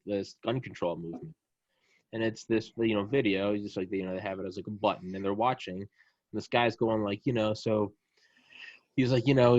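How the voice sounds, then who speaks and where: Fast-talking low-voiced man, dull sound. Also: dry recording. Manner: fast, excitable storytelling, profane. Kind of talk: casual chat.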